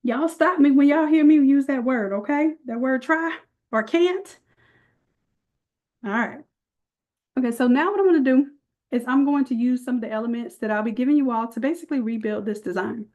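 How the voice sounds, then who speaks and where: A woman's voice: high-pitched, moderate pace, darkish tone. A woman leading a live online design class, chatty and folksy, calling her viewers y'all as she walks through the steps. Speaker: design instructor.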